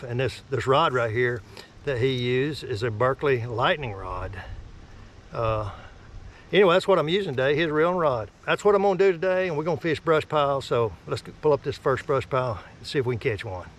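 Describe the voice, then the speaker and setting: A middle-aged man with a Southern accent, chatting folksily and getting excited as he fishes from a small boat on a creek. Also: medium pitch, fairly quick, slight background noise. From North Alabama. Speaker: fishing vlogger. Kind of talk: casual outdoor fishing vlog.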